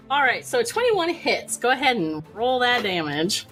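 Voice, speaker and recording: A woman's voice: on the high side, sing-song, a little slow, a bit bright, soft background music. A woman running a tabletop game as game master, narrating loosely with lots of fillers and frequent giggles.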